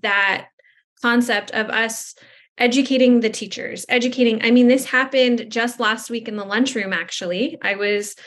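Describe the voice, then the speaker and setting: A woman's voice: fairly high pitch, steady tone, moderate pace, a bit bright. A woman hosting a podcast interview, chatting and telling a rambling story about her work as a speech therapist. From Southern California. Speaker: podcast host, speech-language pathologist. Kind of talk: conversational interview.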